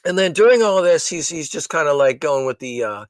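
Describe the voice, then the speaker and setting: A man's voice: on the high side, expressive, a little fast, no echo. Rambling, profane man with a dry sound. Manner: rambling storyteller, profane, many restarts. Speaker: podcast co-host. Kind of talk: casual chat.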